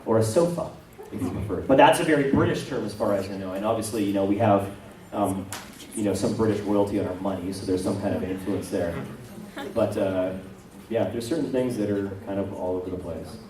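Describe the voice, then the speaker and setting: A man's voice: on the low side, brisk, a little mellow, a little hiss or hum. A Canadian man, a voice actor, talking casually and self-deprecatingly at a convention panel. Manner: chatty, self-deprecating, rambling with many asides. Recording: echoey hall, from far off.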